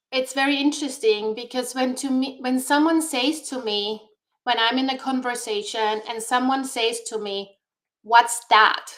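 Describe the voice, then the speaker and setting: A woman guest on a talk show, speaking in a deliberate, encouraging way over a video call. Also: fairly high pitch, a bit bright. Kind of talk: motivational talk-show chat.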